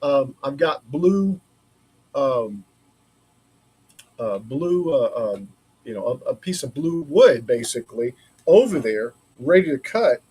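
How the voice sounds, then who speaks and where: A man's voice: medium pitch, big pitch swings, slow, long pauses, warm tone, husky. A man chatting casually on a livestream from his woodworking shop, rambling and thinking aloud as he works. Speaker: maker streaming a laser-cut build.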